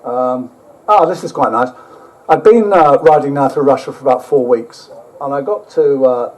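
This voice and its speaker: An older man giving a rambling travel talk with slides, halting often and dropping blunt, sweary asides. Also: medium pitch, low-quality recording. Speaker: guest speaker.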